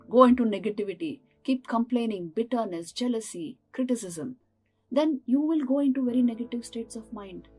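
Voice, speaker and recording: A woman's voice: on the high side, a little mellow, slightly rough. A woman, a monastic teacher giving an earnest spiritual talk that mixes rhetorical questions with storytelling. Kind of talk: sermon.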